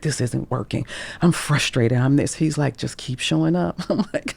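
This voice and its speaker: A woman's voice: low-pitched, moderate pace, gravelly, husky. A middle-aged woman career coach telling candid stories on a podcast, acting out the quoted voices and dropping to whispers. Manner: animated, acts out quoted speech, drops to whispers.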